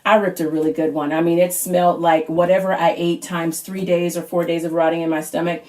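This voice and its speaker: A woman in her thirties doing a stand-up comedy monologue at home, chatty and animated, sometimes squeaking out her kids' lines. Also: fairly quick. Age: 30s. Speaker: stand-up comic auditioning.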